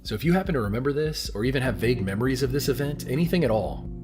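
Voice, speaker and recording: A man's voice: mid-range voice, lively intonation, racing. Earnest man narrating a script over faint music. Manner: earnest, storytelling delivery with direct questions to viewers. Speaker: video narrator.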